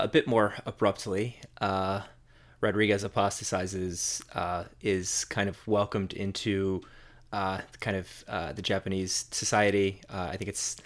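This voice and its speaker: A man co-hosting a film podcast, discussing movies in a casual, halting way with many fillers and repeated words. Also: lowish voice, a bit bright. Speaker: podcast co-host.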